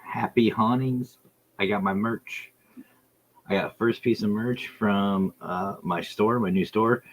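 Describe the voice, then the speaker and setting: A man's voice: low-pitched, slight background noise, low-quality recording. A man hosting his own podcast livestream, chatting casually and enthusiastically with viewers and reading their messages aloud. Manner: rambling, enthusiastic, reads chat aloud. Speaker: podcast host. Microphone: streaming setup.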